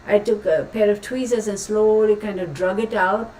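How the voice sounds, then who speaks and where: Woman, live-stream host, rambling chatty delivery, mid-pitched, mic set back in an echoey room with faint noise. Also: steady tone, normal speed, a little mellow. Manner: chatty and rambling, with frequent exclamations. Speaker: tarot reader hosting a live stream. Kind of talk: casual live-stream chat. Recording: roomy, distant mic, faint background noise.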